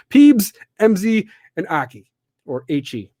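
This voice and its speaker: A man's voice: sits high, very animated, takes it slowly, warm tone, dry recording. A man from the Midwestern US hosting a live podcast, ranting bluntly and with plenty of profanity. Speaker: podcast host.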